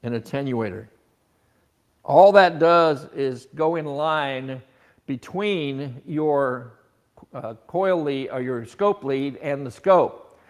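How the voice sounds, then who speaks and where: A man's voice: on the high side, slow. A man teaching an automotive technical seminar, explaining scope patterns with rhetorical questions and frequent restarts.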